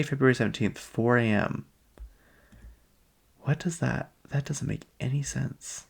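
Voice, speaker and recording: A man's voice: mid-range voice, creaky, fairly bright tone. A man hosting a casual pop-culture chat, rambling and chatty with frequent ums. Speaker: podcast host.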